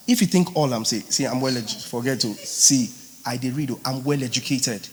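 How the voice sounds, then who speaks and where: A man, teaching a live singers' workshop as a vocal coach, teasing and lively. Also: mid-range voice, a little fast. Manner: animated, teasing, mixes in pidgin. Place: large hall at a live boot camp. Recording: long hall reverb.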